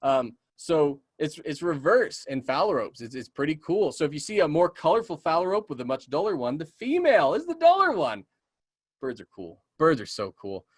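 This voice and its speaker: An upbeat man, a bit higher-pitched than most, talks a webinar audience through birding basics over a computer mic. His delivery is chatty and eager, with plenty of ums and okays, and his voice sounds slightly worn. The sound is close and dry, with no room around it. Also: big pitch swings, fairly quick, hardly any pauses, slightly rough, no room sound. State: voice getting tired. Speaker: community naturalist teaching a webinar. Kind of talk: casual webinar teaching with audience Q&A.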